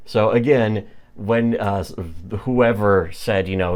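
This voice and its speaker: Low-voiced man, rambling podcast chat, halting with fillers. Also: lively intonation, darkish tone, smooth. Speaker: podcast co-host. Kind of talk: casual podcast chat recapping a comic.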